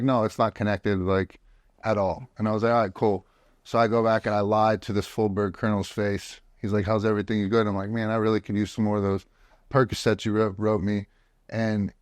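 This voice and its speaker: A man's voice: fairly low pitch, darkish tone, no room sound, studio quality. A man telling his story as a podcast guest, blunt and profane, with frequent restarts, recorded in a home office. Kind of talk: casual storytelling.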